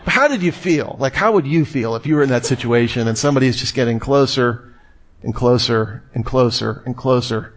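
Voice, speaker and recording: A man's voice: mid-range voice, brisk. A man giving a conversational sermon to a live audience in a room, telling stories and asking rhetorical questions. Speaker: speaker.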